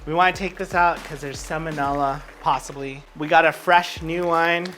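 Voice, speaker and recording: A man's voice: fairly high pitch, steady tone, normal speed, pushed and bright, soft background music. Drunk man rambling through a cooking show. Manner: rambling, joking and swearing freely. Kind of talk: casual cooking chat. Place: home kitchen.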